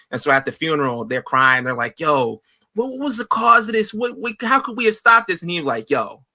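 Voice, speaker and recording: A man's voice: medium pitch, creaky, sharp tone. A man co-hosting a podcast who tells stories and makes blunt jokes in a casual chat. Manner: storytelling, blunt and joking. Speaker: podcast co-host.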